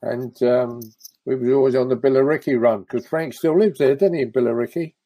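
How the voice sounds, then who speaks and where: An older former footballer, reminiscing in an enthusiastic, exclamatory way. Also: male voice, medium pitch, a little fast, dark tone, no room sound. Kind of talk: casual reminiscing chat.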